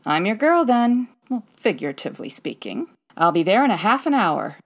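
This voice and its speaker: A woman's voice: medium pitch, sing-song, normal speed. A woman playing a confident, breezy female private detective in 1940s radio style, arch and theatrical.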